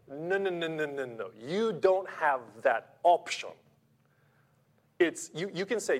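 A man preaching a sermon, emphatic and rhetorical, swinging between loud stresses and quiet asides. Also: a little high, expressive, takes it slowly.

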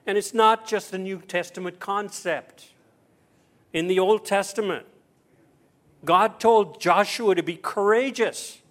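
High-voiced pastor preaching a sermon. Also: male voice, unhurried. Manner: storytelling with acted-out quotes; swings between loud and hushed.

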